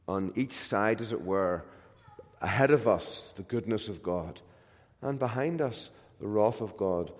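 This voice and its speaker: A man preaching a sermon with emphatic, repeated phrases, swinging between loud declarations and hushed, gentle lines. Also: fairly low pitch, takes it slowly. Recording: long hall reverb.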